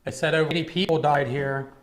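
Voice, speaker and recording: A man investigating a dark, cold old building alone, talking in a hushed, jumpy way and calling out to unseen spirits. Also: a little high, fairly even intonation, fast. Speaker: paranormal investigator. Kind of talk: ghost-hunting narration and calling out to spirits.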